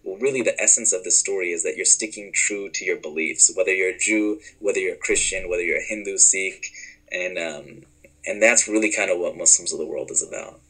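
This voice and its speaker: A man with a rather low voice and a bright, forceful edge narrates a story in conversation. He tells it with animation and slips into the voices of the people in it. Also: a little fast, breathy edge, rough recording. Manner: animated, acts out dialogue in the story. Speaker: guest storyteller.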